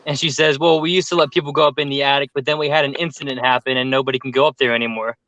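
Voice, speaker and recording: A man telling a story with lots of fillers in casual chat on a group call, animated and talkative. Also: mid-range voice, very fast, no room sound, low-quality recording. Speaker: paranormal youtuber telling a story.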